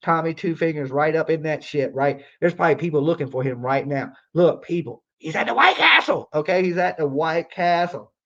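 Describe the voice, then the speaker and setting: A man's voice: on the high side, animated, brisk, few pauses, a bit bright. Profane rambling man, muffled lo-fi audio. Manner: profane, rambling, repeats himself, heavy use of "like". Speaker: livestream host. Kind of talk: casual live-stream storytelling.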